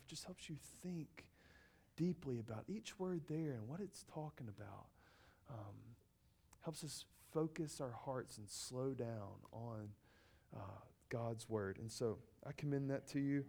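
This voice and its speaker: A man giving an earnest sermon-style teaching, often repeating key phrases and pausing with ums and uhs. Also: medium pitch, creaky, a little mellow.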